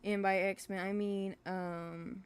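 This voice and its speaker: A woman who makes a webcomic, chatting casually on a livestream in a rambling, hesitant way, full of fillers and restarts and quick to apologize for herself. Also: medium pitch, flat delivery, clean tone. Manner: self-deprecating, apologetic. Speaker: webcomic creator streaming live.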